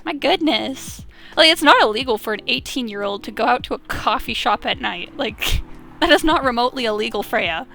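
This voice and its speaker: Bright-voiced Southern woman streamer. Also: on the high side, expressive, normal speed, gravelly, faint music behind. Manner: chatty, laughing often. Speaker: let's play streamer. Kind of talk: casual game commentary.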